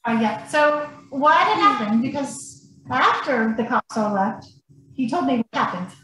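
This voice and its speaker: Woman, high voice, animated blunt storyteller, swears, very echoey room, faint background noise. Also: unhurried. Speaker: podcast guest. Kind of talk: casual storytelling.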